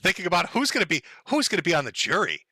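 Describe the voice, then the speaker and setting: A man's voice: high-pitched, wildly swooping pitch, fast, bright, forceful tone, breathy edge, dry recording. A man hosting a livestream, talking in a crude, sarcastic and mocking way. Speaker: livestream host. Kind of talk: casual livestream commentary.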